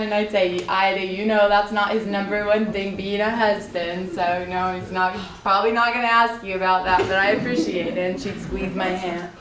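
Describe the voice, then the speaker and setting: A woman's voice: mid-range voice, steady tone, normal speed, hardly any pauses, background noise. A woman speaking at a memorial, telling tender personal stories and laughing at fond memories. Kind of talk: personal storytelling. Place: memorial gathering room. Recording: echoey room from a distance.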